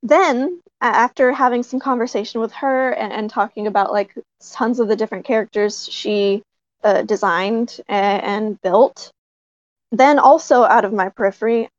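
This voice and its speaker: A woman puppeteer telling a story in casual talk, excited, often laughing and using many fillers. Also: on the high side, normal speed, no room sound. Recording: dry, slightly dull recording.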